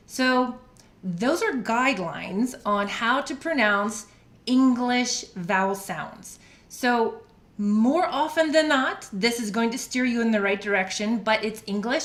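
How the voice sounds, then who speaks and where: An American woman teaching a pronunciation lesson, speaking slowly and deliberately and spelling words out letter by letter. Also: a little high. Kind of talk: scripted lesson. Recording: echoey room.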